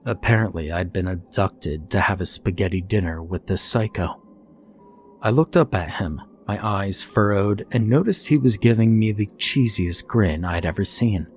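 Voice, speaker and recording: A man reading a first-person horror story in a calm, steady scripted narration. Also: low voice, normal speed, slight background noise.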